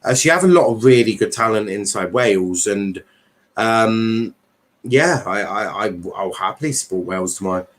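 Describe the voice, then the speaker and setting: A man's voice: on the low side, expressive, normal speed. A man hosting a casual football chat stream, talking in a rambling way with many fillers and restarts. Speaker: livestream host.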